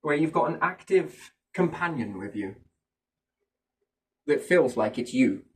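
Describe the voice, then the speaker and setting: A man's voice: fairly high pitch, expressive, unhurried. A man musing in a casual chat, rambling from thought to thought and often asking rhetorical questions. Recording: voice a bit far from the mic.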